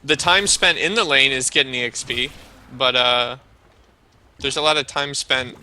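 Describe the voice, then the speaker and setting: A man's voice: mid-range voice, moderate pace, pushed and bright. A man co-casting a live esports match, laid-back with dry, teasing humour while he analyses the play. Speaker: esports co-caster.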